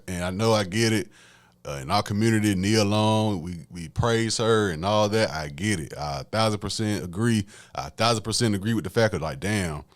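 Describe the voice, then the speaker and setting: A man, hosting a solo podcast and talking casually to his listeners as y'all in a preachy, conversational way. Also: fairly low pitch. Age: late 20s. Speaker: podcast host.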